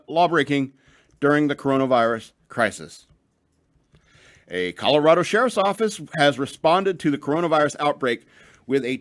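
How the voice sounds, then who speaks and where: A man's voice: mid-range voice, no room sound, studio quality. A man hosting a radio show, ranting and reading news stories in a rambling, profane way with lots of restarts, a bit tipsy.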